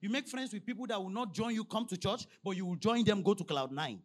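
A man preaching a sermon as pastor, prompting the congregation to finish his lines and reading scripture slowly and emphatically. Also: high voice. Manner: call-and-response, prompting the congregation with "what?".

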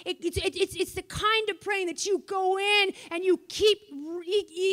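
A woman preaching a sermon, passionate at times and soft in her asides. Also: extremely high pitch, steady tone, moderate pace, few pauses. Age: older. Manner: impassioned, swings from shouting to soft asides.

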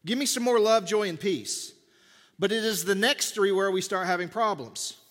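A middle-aged man preaching a sermon as a pastor, animated and jokey, pushing his voice up for emphasis. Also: high-pitched, normal speed. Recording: long hall reverb.

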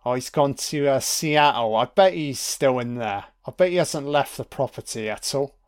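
A man's voice: medium pitch, lively intonation, moderate pace. A man giving casual, chatty film commentary, amused and sweary.

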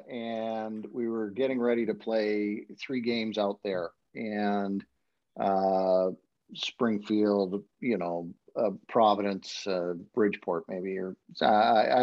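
A man, a hockey broadcaster, telling rambling anecdotes in casual podcast chat, with lots of fillers and restarts. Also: fairly low pitch. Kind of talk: casual storytelling. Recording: dull lo-fi sound.

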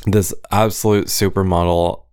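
Very deep, dry-voiced Californian man. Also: level tone, normal speed, a little mellow, smooth, no room sound. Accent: Californian American. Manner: chatty, teasing storyteller. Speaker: podcast co-host. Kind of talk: casual chat.

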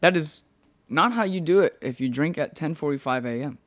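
A man with a fairly high voice tells a rambling story on a casual podcast. He is animated and laughs often. He swears freely as he goes. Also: fairly quick. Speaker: podcast host.

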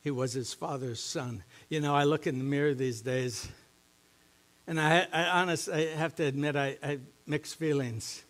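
A middle-aged man, a pastor preaching a sermon in a church, moving between quiet, low musing and loud, emphatic teaching. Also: moderate pace. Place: church sanctuary.

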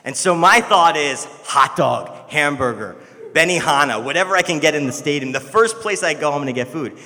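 Young male pastor, casual storytelling sermon, bright tone, echoing church hall. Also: a little high, a little fast. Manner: conversational storytelling, animated when quoting others.

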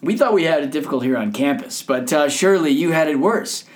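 A man hosting a casual chat, upbeat and quick with interjections. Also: on the high side, expressive. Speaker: host.

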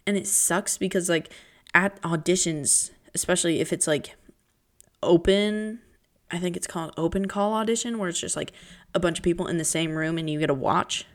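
Chatty young woman podcast host. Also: moderate pace. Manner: chatty, dramatic, jumps between pitches and whispers. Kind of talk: casual chat.

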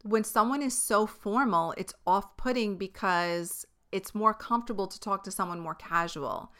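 A woman's voice: medium pitch, moderate pace, fairly bright tone, clean tone. A woman hosting her own podcast in casual solo chat, talking into a podcast microphone, swearing freely and laughing often. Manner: chatty, profane, laughs often. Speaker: podcast host. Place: filming herself on camera.

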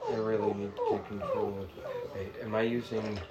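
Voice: medium pitch, wildly swooping pitch, moderate pace, lo-fi sound, loud music behind the voice. A podcast guest talking bluntly and swearing freely in a casual chat. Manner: blunt, profane ranting. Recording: roomy, distant from the mic, faint background noise.

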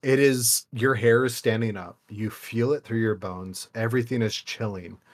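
Young male co-host, mid-pitched, rambling and relaxed, drops casual curses. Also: moderate pace. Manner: rambling, loose, swears casually. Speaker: podcast co-host. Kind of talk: casual podcast chat.

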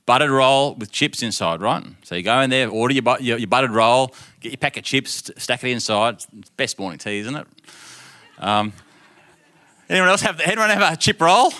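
Preaching through a story, this middle-aged man talks to his congregation in a relaxed, conversational way. He has a bright, forward, medium-pitched voice with lively intonation, slipping into brief impressions of his characters and frequently laughing as he goes.

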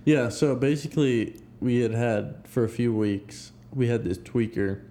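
A man's voice: medium pitch, measured pace, mellow, a little hiss or hum. Laid-back young man telling a story. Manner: laid-back, rambling, laughs through his stories. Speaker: podcast co-host. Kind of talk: casual storytelling chat.

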